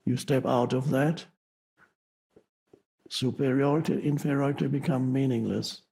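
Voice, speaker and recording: A man giving an unscripted spiritual talk to an audience, slow and reflective, with pauses and self-corrections. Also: medium pitch, steady tone, gravelly, mellow, slight background noise. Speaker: spiritual teacher.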